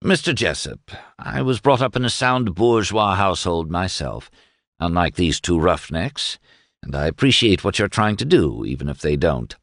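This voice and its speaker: A man's voice: sits low, sing-song, moderate pace, a bit bright, dry recording, clean studio sound, exaggerated voice. A man doing a suave, condescending rich plotter. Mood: smooth. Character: suave wealthy male ex-economics teacher and plotter.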